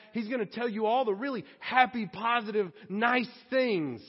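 A man, preaching a sermon to his congregation in a church in a conversational, joking way. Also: high voice. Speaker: pastor. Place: church sanctuary. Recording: reverberant hall, slightly muffled.

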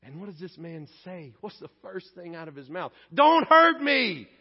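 A male pastor preaching a sermon in an animated, conversational way that sometimes drops to a hushed tone. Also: fairly high pitch, brisk. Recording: echoey hall, dull lo-fi sound.

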